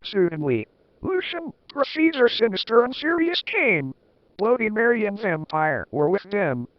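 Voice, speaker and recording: A man's voice: high-pitched, very animated, a little slow, dry recording. A man giving a comic dramatic reading, with wry, sarcastic asides. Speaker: reader. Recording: dull, lo-fi dry recording.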